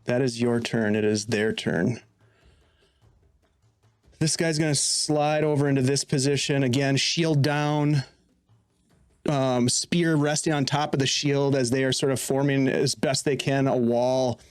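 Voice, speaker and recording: A man runs a tabletop game, narrating in a loose, casual way and often stopping to restart his sentences. His voice sits at a middle pitch. The sound is dry and close. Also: fairly even intonation, smooth, dry recording, soft background music. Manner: casual, halting, with many restarts. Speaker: game master.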